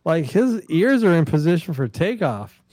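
Male podcast guest, joking banter, animated pitch, dry close mic. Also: moderate pace, no echo. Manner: jokey, teasing. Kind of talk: casual fight watch-party chat.

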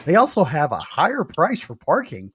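A man, a podcast co-host reading reviews aloud with lively emphasis in casual chat. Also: fairly high pitch, normal speed, husky.

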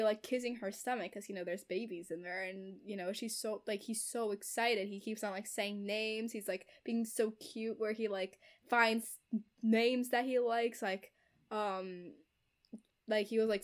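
A woman's voice: medium pitch, steady tone, moderate pace. A young woman in casual chat, retelling a story animatedly with lots of fillers and giggles.

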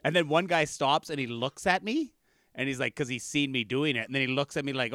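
A man's voice: mid-range voice, fairly quick, bright, forceful tone, dry recording, studio quality. A man who is a comedian, telling rambling stories in casual chat and laughing through them, on a video call. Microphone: remote video call.

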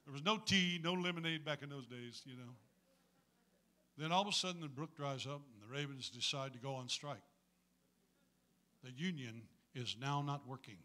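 A man's voice: medium pitch, moderate pace, long pauses, pushed and bright. A man preaching a sermon to a congregation in a folksy, humorous way, calling on them to answer back.

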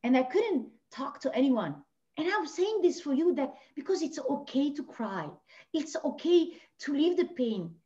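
A woman from Lebanon, a podcast guest telling her personal story with passion, swinging between hushed and near-shouting. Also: high voice, big pitch swings, a little slow. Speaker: podcast guest, life coach. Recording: dull lo-fi audio.

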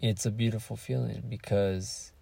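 Low gravelly candid young man podcasting. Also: fairly even intonation, normal speed, warm tone. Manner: candid, rambling, searches for words, swears freely. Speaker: podcast host. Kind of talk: casual solo podcast monologue.

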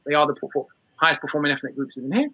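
A British man talking fast and with force, laying out an argument like a lecture. His voice is bright with a slightly husky edge, and it sits a touch high for a man. The sound is close and dry. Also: lively intonation, no room sound, rough recording. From Britain. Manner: rapid, forceful, argumentative delivery. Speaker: guest author and historian. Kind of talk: lecture-style interview answer.

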